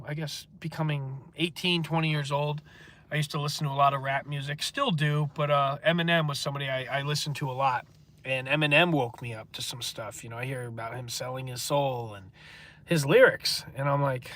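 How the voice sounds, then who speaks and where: A man's voice: a little high, sharp tone. A man with a stuffy nose, hosting a livestream and reading viewer comments in a rambling, earnest monologue full of filler words.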